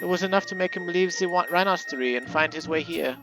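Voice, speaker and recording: A man's voice: high voice, fast talker, over music, pitched above the performer's own voice, poor audio. A man reading as a small earnest scholar woman. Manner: softened, careful reading.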